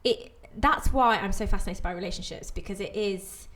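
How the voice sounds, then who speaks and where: A young adult woman hosting a podcast, pregnant, talking candidly and thinking out loud about her worries. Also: medium pitch, brisk. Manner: candid, reflective, talks through her worries. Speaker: podcast host. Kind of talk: open conversational interview.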